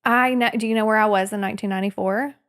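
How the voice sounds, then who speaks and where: A woman in her thirties co-hosting a casual podcast, lively and teasing, laughing often. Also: mid-range voice, rapid-fire. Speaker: podcast co-host. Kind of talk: casual chat.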